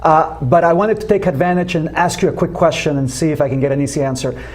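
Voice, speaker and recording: A man's voice: on the high side, fast talker. A man hosting a panel discussion who politely steps in to keep the show on schedule. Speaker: show host.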